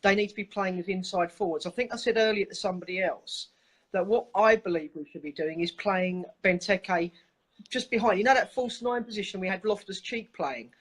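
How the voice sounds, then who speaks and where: A man's voice: high voice, a little fast, fairly bright tone, breathy edge, poor audio. A man on a video call giving his opinions on a football match, earnest and opinionated. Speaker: caller. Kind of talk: casual football chat.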